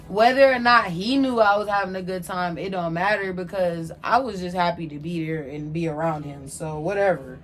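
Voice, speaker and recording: A young adult woman telling a casual storytime from her own life, animated, slangy and candid. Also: medium pitch. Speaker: vlogger telling a personal story.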